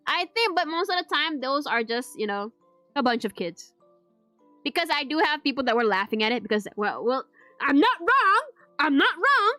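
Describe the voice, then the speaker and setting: High, bright giggly woman. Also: big pitch swings, normal speed, dry recording, soft background music. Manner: giggly, laughs often between sentences; rambling, restarts and mixes in Malay words. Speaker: VTuber streamer. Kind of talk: casual Q&A chat.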